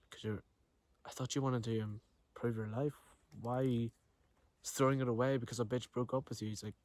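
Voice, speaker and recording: A man's voice: medium pitch, fairly even intonation, normal speed, pauses often, a little mellow, no room sound. A young man telling a story to camera outdoors, in a slangy, profane, rambling way with lots of restarts. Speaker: vlogger. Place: outdoors near trees. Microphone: camera he films himself with.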